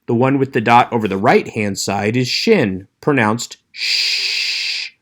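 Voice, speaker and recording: A man teaching an online Hebrew class, explaining letters in a clear, measured way and slowing down to demonstrate sounds. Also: mid-range voice. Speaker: Hebrew instructor. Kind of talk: recorded online lecture.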